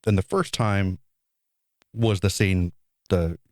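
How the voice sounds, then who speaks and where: Deep-voiced thoughtful middle-aged man. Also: fairly even intonation, darkish tone, dry recording, clean studio sound. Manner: thoughtful, measured, builds ideas slowly. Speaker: podcast co-host. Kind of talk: casual podcast conversation.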